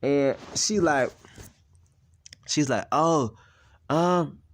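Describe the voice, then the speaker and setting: A man's voice: a little high, extremely slow. A young man talking in a blunt, rambling, profane personal monologue as a channel host.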